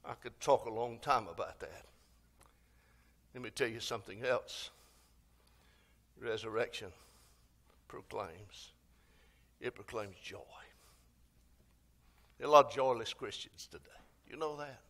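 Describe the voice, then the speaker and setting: A man's voice: medium pitch, a little slow, long pauses, fairly bright tone. A man preaching an Easter sermon, with dramatic swells and phrases half sung and stretched out. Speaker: pastor. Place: church sanctuary.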